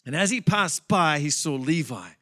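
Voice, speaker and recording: A man preaching a sermon in a church, telling a Bible story with animated, chatty asides. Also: on the high side, moderate pace. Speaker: pastor.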